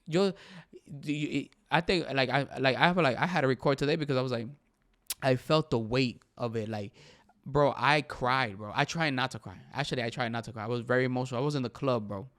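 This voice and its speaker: A young man talking fast and excitedly as a podcast host. He slips back and forth between English and Spanish and drops "bro" into almost every sentence. His voice is smooth and resonant, sitting at a middle pitch. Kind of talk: casual opinion talk.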